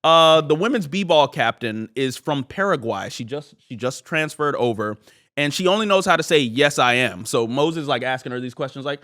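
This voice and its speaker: Animated man recapping with lively pitch. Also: normal speed. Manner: animated, acts out quoted lines. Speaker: podcast co-host. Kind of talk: casual recap chat.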